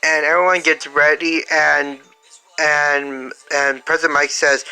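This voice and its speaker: A fan storyteller improvising a story out loud, halting with many fillers and restarts. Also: mid-range voice, flat delivery, clear, resonant tone, faint music behind, rough recording. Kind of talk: improvised fan-fiction narration.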